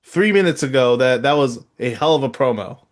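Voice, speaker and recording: A middle-aged man co-hosting a podcast, arguing hotly and incredulously, his voice jumping up in loud outbursts. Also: mid-range voice, animated, fairly quick. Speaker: podcast co-host. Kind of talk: heated casual podcast debate.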